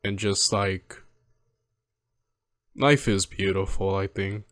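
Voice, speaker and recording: A man in his twenties hosting a movie reaction, talking in a rambling, halting, heartfelt way from home. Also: deep voice, a bit bright, dry recording, clean studio sound. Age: 20s. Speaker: reaction video host. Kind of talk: casual reflective commentary.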